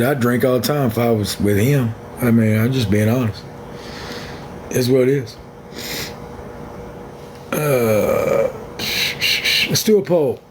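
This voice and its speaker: A man's voice: medium pitch, a little mellow, a little hiss or hum. A man hosting his own livestream, talking in a blunt, frank and rambling way to viewers on a phone. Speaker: livestream host. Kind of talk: casual livestream chat.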